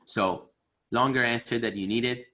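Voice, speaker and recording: A man's voice: medium pitch, fairly even intonation, measured pace, pushed and bright. A man giving a motivational business training talk on a video call, earnest and repetitive, driving his points home with emphasis.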